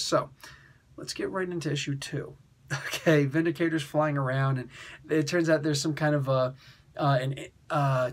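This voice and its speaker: A man hosting a casual comic book review, rambling through the story with chuckles and quick voiced quotes. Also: on the high side.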